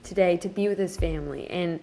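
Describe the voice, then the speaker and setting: A woman's voice: on the low side, brisk, vocal fry, dark tone. A young woman in her twenties, co-hosting a casual podcast, telling a story with lots of "like" fillers and lifting her voice when she quotes people. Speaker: podcast co-host.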